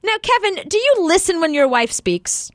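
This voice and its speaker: High, animated woman radio host. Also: normal speed, no echo, clean studio sound. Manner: animated storyteller, laughs often. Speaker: radio talk show host. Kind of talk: casual radio chat.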